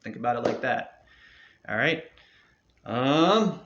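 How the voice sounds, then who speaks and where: Man, meditation teacher, loose encouraging delivery, mid-pitched, dull lo-fi recording. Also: fairly quick, fairly bright tone. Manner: loose, rambling, encouraging, with many fillers. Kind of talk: casual spoken instruction. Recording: dull lo-fi sound.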